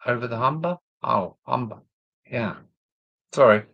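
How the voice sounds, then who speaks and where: Here the Kent-based model railway host sounds gravelly at medium pitch, speaking at a measured pace on a recording with no room sound and the highs cut off. With his southern English accent, he rambles casually through viewer comments, trailing off and using many fillers.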